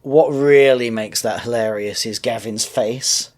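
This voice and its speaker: A man's voice: mid-range voice, unhurried, a little mellow. A man co-hosting a casual TV recap podcast, playful and teasing, laughing often. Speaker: podcast co-host.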